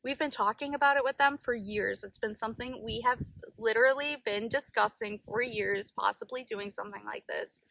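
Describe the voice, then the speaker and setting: A woman's voice: on the high side, moderate pace, creaky, a bit bright, low-quality recording. A woman co-hosting a podcast in a casual, rambling chat full of fillers. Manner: chatty, rambling with many fillers. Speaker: podcast co-host.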